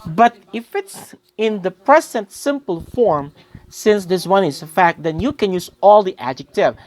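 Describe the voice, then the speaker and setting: Female English teacher, young adult, unhurried delivery with a lively rise and fall, keeps quizzing the class. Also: medium pitch. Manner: explains with quiz-like questions and addresses listeners as guys. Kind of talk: recorded grammar lesson.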